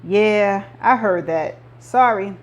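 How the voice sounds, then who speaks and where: A woman reads an audiobook at a slow pace and medium pitch, voicing an older male mob boss who sounds like a movie gangster, menacing yet jovial. The acting is light, and there's slight background noise.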